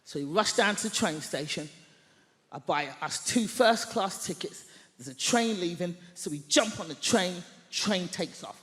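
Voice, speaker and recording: Woman stand-up comedian, animated storytelling, lively bright voice, echoey theatre hall. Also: lowish voice, unhurried. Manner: animated, lively, mock-outraged. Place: large theatre stage. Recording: echoey hall, long reverb.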